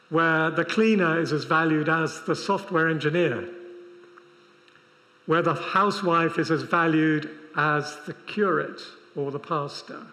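A man preaching to a large convention crowd, conversational and dryly funny, slipping in self-mocking asides. His voice sits a little higher than most men's. The sound carries the long reverb of a big hall. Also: sharp tone. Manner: conversational with wry humorous asides. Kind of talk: sermon.

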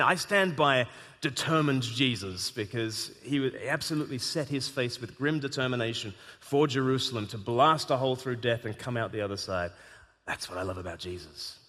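A man hosting a live conversation on stage, telling stories with animated emphasis. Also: medium pitch. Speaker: host. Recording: echoey hall.

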